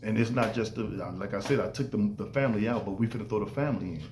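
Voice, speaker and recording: Guy with doing a podcast rant, super animated, roomy echo. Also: on the low side, quick pace, slight background noise. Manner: animated, acts out quoted voices. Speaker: podcast host. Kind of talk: casual podcast monologue. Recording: echoey room with faint ambience.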